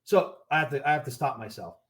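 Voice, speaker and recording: The owner of a gear brand, appearing as a podcast guest, talks casually about his products and pricing, rambling and restarting as he explains. His voice is medium-pitched and his pace is quick.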